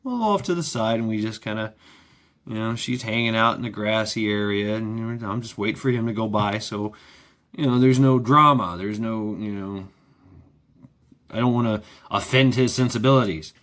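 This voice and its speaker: A man's voice: on the low side, moderate pace, fairly bright tone. A man vlogging in a sarcastic ranting monologue, repeating himself, swearing freely and firing off rhetorical questions.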